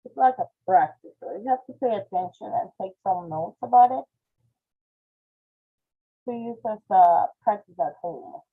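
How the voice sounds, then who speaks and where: Teacher with a husky voice over a tinny call. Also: female voice, mid-range voice, lively intonation, moderate pace, pauses often. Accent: Spanish-accented English. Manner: tags sentences with "okay?". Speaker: English phonetics teacher. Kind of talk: online class lecture. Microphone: video call. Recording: tinny phone-like call audio.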